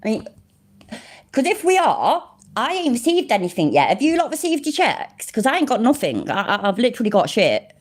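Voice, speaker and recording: A middle-aged British woman reads a legal complaint aloud to her livestream chat and keeps breaking off to swear at it. Her delivery is sarcastic and quick to laugh. Her pitch swings widely from line to line. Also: wildly swooping pitch, husky. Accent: English (British). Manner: sweary, sarcastic, laughs often, mocks what she reads. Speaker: livestream host reading a legal document to chat.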